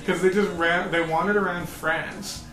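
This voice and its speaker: A young man with a fairly high voice jokes his way through a loose podcast chat, swearing freely and breaking into laughter. The room rings with echo, and music plays clearly behind him. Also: steady tone. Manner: joking, swearing, quick laughs. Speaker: podcast co-host. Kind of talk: casual chat.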